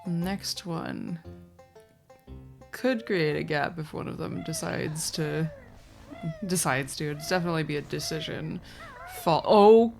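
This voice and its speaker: A low-voiced woman with a gravelly, fry-laden edge calls a race in a loose, rambling way. She laughs often and keeps apologizing as she goes. Game music plays behind her. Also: a little slow, pauses often, a little mellow. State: sleepy, yawning. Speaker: race commentator. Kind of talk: casual live commentary.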